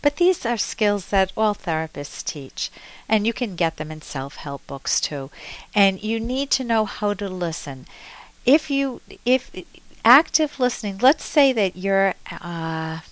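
A woman's voice: mid-range voice, lively intonation, unhurried, rough recording. A woman radio therapist hosting a call-in show, earnestly coaching a caller with spoken examples.

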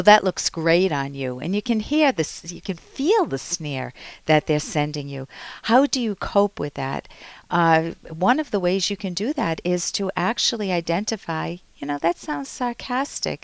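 A woman's voice: on the low side, vocal fry, no echo. A woman hosting an advice show as a psychologist, earnestly coaching listeners and reading their letters aloud. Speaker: radio psychologist host.

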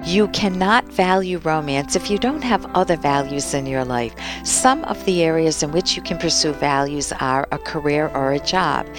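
A woman's voice: low-pitched, moderate pace, few pauses, over music. A woman hosting a radio advice show as a psychologist, explaining feelings in an earnest, teacherly way. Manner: earnest, explanatory, acts out quoted voices.

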